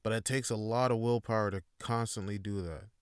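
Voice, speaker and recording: A man's voice: lowish voice, steady tone, fairly quick, clean tone, dry recording, clean studio sound. A man hosting a solo podcast, talking in a rambling, laid-back way with a lot of swearing. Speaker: podcast host. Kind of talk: casual solo monologue.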